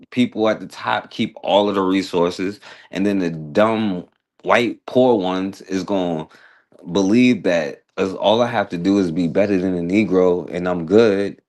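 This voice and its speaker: A man's voice: low-pitched, a little mellow. A man hosting a talk radio show, giving blunt, emphatic commentary with a sarcastic edge.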